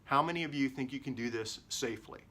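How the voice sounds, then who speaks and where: A middle-aged man gives tips straight to the camera, like a coach talking to his viewers. His voice is bright and forward. He is animated and swings between soft and loud to stress his points. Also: medium pitch, fast. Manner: animated, varies tone and volume for emphasis. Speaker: lawyer and video coach.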